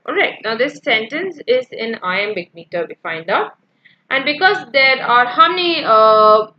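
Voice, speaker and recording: A woman's voice: fairly high pitch, expressive, a little slow, muffled recording. A woman teacher explaining poetic meter in an exam-prep lecture, checking in with "yeah" and counting out the feet aloud. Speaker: English literature teacher.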